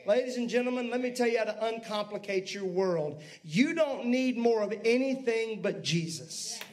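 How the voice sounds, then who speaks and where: A man preaching a sermon as pastor, lively, with asides to the congregation. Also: very high voice, moderate pace.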